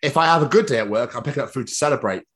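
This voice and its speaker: Lively, bright-voiced British man joking around. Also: medium pitch, very fast. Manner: sweary, jokey, acts out little scenes in voices. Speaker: podcast host. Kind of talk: casual banter.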